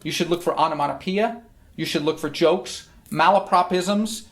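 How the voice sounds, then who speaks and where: Speaking at a moderate pace in a mid-range voice, a teacher walks through a text in a recorded Shakespeare language lesson. The manner is friendly, with frequent check-ins of "okay?".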